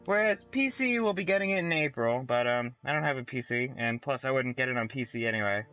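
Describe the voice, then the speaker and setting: A man's voice: medium pitch, animated, fast, bright, forceful tone, soft background music, low-quality recording. A man hosting a let's play, commenting casually in a profane, rambling way and reading aloud from a magazine.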